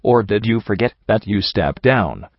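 A man's voice: fairly low pitch, lively intonation, moderate pace, no echo, lo-fi sound. A man voicing a stern, weary female pony ruler who speaks curtly and irritably. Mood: cold. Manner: curt and irritable.

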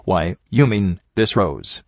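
A man voicing a rotting, deranged ghoul stallion prince who talks grandly with a booming, boiled-sounding voice and bursts into screams. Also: lively intonation, slow pace, no echo, dull audio, exaggerated voice. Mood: menacing charm. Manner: grand, menacing, erupting into screams.

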